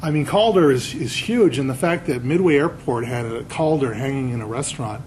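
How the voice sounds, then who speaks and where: A man's voice: mid-range voice, brisk, a little mellow, a little hiss or hum, low-quality recording. A man, an author, giving a casual slide lecture to an audience, telling anecdotes and quizzing the crowd. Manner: chatty storyteller, quizzing the audience.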